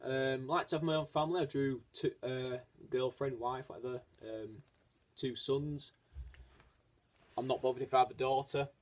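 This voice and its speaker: A man's voice: medium pitch, fairly even intonation, moderate pace. A man talking casually and earnestly in a vlog, hesitant and rambling, with frequent restarts. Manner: earnest, encouraging. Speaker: vlogger. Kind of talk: casual personal vlog talk.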